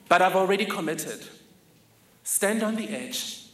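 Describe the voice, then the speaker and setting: With a bright, high-pitched voice and lively intonation at normal speed, a young South African man tells the audience a story from his own life. He comes across as vivid, wry and self-mocking. The hall is echoey, with faint background ambience.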